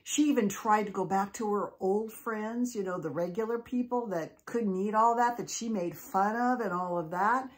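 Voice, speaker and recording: A woman storyteller narrating in an animated, conversational way. She talks as if she were chatting with listeners, and her voice sits at an ordinary middle pitch. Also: moderate pace, few pauses. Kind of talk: telling an original story.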